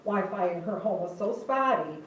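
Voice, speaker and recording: A woman's voice: mid-range voice, expressive, normal speed, a little hiss or hum. An older woman giving a chatty guest talk to a class, laughing often and putting questions to the audience. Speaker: guest speaker. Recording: echoey room, voice heard from a distance.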